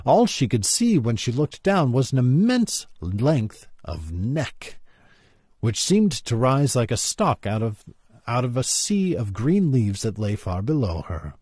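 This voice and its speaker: A man reading a children's classic aloud in an expressive, storytelling way. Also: mid-range voice, measured pace, husky, dry recording, clean studio sound.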